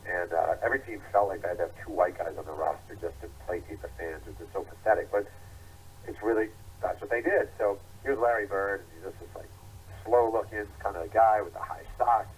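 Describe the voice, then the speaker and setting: A man's voice: deep voice, fairly quick, breathy edge, rough recording. A middle-aged man, an author guest in an interview, telling stories animatedly and acting out quotes. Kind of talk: interview storytelling.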